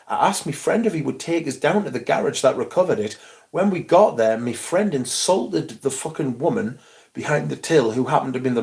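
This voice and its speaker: A middle-aged man, telling an animated, swear-filled story on a casual livestream. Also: medium pitch. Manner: swearing, animated anecdote with quoted voices. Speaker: livestream host.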